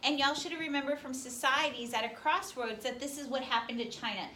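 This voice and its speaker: Captured from across a school classroom with faint background noise, a woman quizzes her history students in rapid succession. Her voice is high-pitched, pushed and bright.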